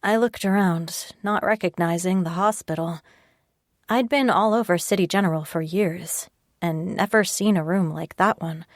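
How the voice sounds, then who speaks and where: A woman reading a first-person audiobook in a calm, measured way on a close mic. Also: fairly low pitch, no echo. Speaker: audiobook narrator. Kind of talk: scripted first-person narration.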